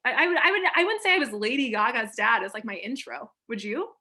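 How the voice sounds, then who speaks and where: A young woman chats on a comedy podcast, spinning a funny story in a loose, joking way. Her voice is bright and forward and sits a little high. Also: lively intonation, fast talker, a little hiss or hum. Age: young adult. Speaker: podcast co-host. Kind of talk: casual comedic chat.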